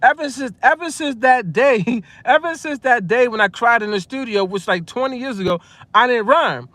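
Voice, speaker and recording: A man, telling a story casually to camera, animated, repeating phrases and chuckling often. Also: extremely high pitch, normal speed, dry recording. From Long Island, New York. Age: 40s. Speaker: music producer and vlogger.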